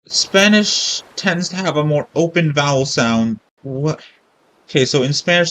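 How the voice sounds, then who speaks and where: In this let's-play clip, a gamer with a somewhat high, slightly bright voice speaks at a normal pace. He chats casually while playing, wandering off on tangents and questioning his own choices out loud.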